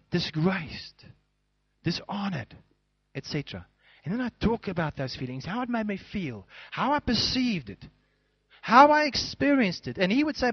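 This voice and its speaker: A man's voice: sits high, dry recording, highs cut off. A man preaching a sermon as pastor, acting out little scenes as he goes.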